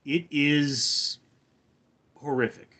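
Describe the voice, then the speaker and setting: A man hosting a live stream, giving dry, deadpan answers to chat messages. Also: fairly high pitch, very slow. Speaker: livestream host reading chat.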